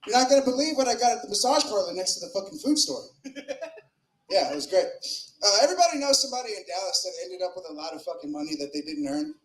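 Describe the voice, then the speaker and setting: High-voiced crude stand-up comic man. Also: very animated, quick pace, fairly bright tone. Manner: crude, rambling delivery with fillers and shifting volume. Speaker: stand-up comedian. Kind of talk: open mic stand-up set. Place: comedy club with live audience. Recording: roomy club echo.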